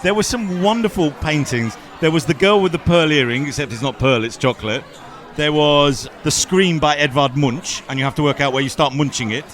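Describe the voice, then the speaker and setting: A man's voice: on the high side, brisk, fairly bright tone. A man hosting a travel video, narrating and trading dry puns with his co-host. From southern England. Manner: punning, dry joking. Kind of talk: travel vlog narration and banter.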